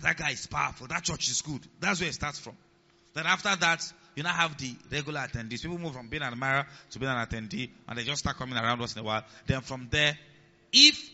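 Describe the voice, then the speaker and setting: Bright, piercing pastor preaching in a hall. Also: male voice, a little high. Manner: keeps checking in with the congregation, repeats key lines; swings between loud emphasis and quiet asides. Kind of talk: sermon. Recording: long hall reverb, dull lo-fi sound.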